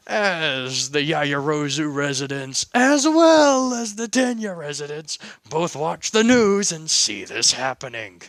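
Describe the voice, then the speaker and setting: Slow, animated male storyteller. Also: fairly high pitch, dry recording, clean studio sound. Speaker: fan story narrator. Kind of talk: casual audio story reading.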